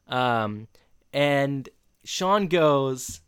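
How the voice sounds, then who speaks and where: Dry-sounding man, lively recap chat. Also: mid-range voice, clear, resonant tone, no echo. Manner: animated, acts out characters' lines in quick voices. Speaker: podcast co-host. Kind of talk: casual chat recapping a show.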